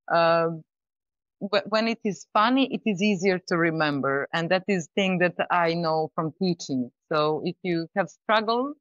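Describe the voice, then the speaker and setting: A woman guest talking casually about pitching, in a thoughtful, halting way with restarts. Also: dry recording. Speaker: startup founder, guest. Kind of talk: casual interview talk. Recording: slightly dull lo-fi audio.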